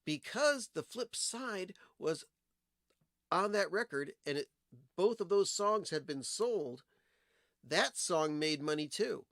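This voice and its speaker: With a high, lively voice that's a bit bright and slow-paced, a livestream host shows off old records and chats about singles and their flip sides. He's a digressive storyteller who wanders into anecdotes, filling gaps with fillers, all on a dry, studio-quality recording.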